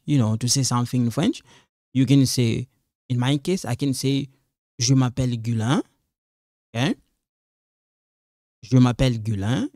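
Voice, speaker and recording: Male French tutor, slow and patient, repeats phrases, dry close sound. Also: medium pitch, a little mellow, dry recording. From Congo. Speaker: French teacher. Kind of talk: quiz walkthrough lesson.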